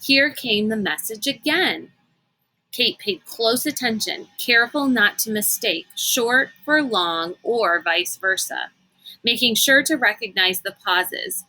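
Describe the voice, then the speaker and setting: A woman reading a novel aloud in an unhurried, expressive storytelling manner. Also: fairly high pitch, rough recording. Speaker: reader.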